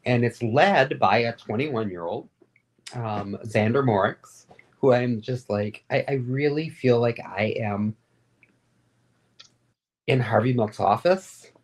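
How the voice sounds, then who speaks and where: A woman being interviewed, telling stories in a rambling, animated and candid way, with frequent fillers. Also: a bass voice, slow, long pauses, breathy edge. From Florida. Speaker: guest, advocate and radio host. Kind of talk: casual interview storytelling.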